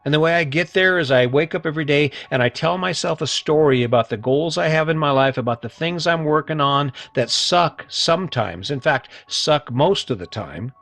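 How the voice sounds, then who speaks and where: A man's voice: on the high side, animated, normal speed, few pauses, a bit bright, dry recording. Middle-aged guy doing a solo motivational podcast, earnest, punchy, repeats himself, dry close sound, light music under it. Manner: earnest, emphatic, repeats for emphasis. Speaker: podcast host.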